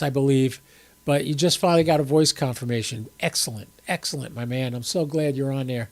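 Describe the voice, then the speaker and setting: An older man with a mid-range voice talks a little fast while hosting a ham radio livestream, seated on camera in a room at home. Slightly stuffy from a cold, he rambles casually to his chat viewers.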